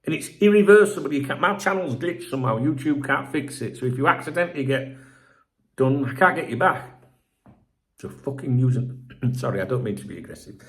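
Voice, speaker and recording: A man's voice: medium pitch, expressive, a little fast. A middle-aged man hosting a football channel, ranting in a sweary, exasperated, rambling sign-off to viewers.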